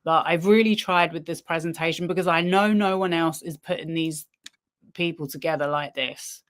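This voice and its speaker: A woman's voice: low voice, steady tone. A woman hosting a live stream, giving critical commentary and talking directly to her viewers. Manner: unhurried, critical asides to viewers. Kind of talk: casual commentary on a research stream.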